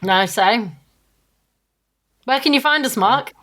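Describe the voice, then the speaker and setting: A woman's voice: on the high side, animated, slow pace, a bit bright. A woman co-hosting a podcast in casual chat, thinking aloud with lots of fillers and restarts. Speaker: podcast co-host.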